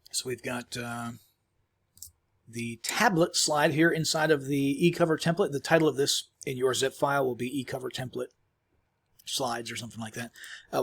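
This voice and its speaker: Husky man casually walking through software. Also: medium pitch. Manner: casual, rambling, many fillers and restarts. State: chewing while talking. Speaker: tutorial host. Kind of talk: screen-recorded software tutorial.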